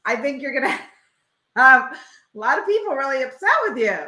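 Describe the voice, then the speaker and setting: A woman's voice: high-pitched, sing-song, normal speed, pushed and bright. A woman co-hosting a podcast in casual chat, teasing and enthusiastic. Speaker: podcast co-host. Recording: roomy echo.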